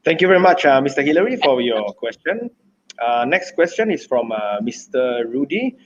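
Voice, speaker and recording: A man's voice: medium pitch, very animated. A man moderates an online seminar, reading audience questions aloud and stopping often with "uh". His voice comes through dull and lo-fi, with a faint hiss of noise underneath. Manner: halting, with many "uh" pauses. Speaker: webinar moderator.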